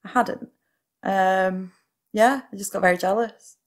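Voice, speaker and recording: A woman's voice: medium pitch, fairly even intonation. Wisecracking woman with a Mancunian twang. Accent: slight Mancunian twang. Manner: teasing, quick with wisecracks. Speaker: podcast co-host. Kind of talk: casual chat.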